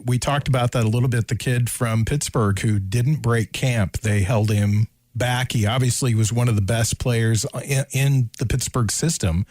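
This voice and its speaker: A man's voice: mid-range voice, darkish tone, no echo. A man co-hosting a sports radio show, talking casually and rambling as he thinks aloud. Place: radio studio.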